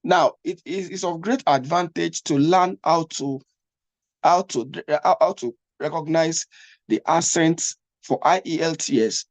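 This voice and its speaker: A man's voice: on the high side, a little slow, no room sound. A man giving a spoken lesson as an English test coach, often repeating himself and checking whether the listener is following. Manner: repetitive, stumbling restarts; asks listener to follow along.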